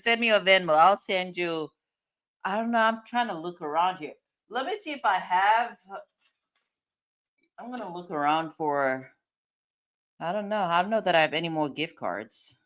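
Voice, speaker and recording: A woman's voice: lowish voice, pushed and bright. A woman chatting casually with viewers on a livestream, laughing often, her voice tired. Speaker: livestream host.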